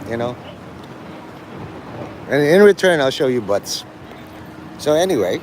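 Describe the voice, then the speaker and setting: A man's voice: mid-range voice, sing-song, a little slow, long pauses, slight background noise. A man from the Philippines livestreaming from a city street, rambling in a joking, provocative way and dropping in Tagalog phrases.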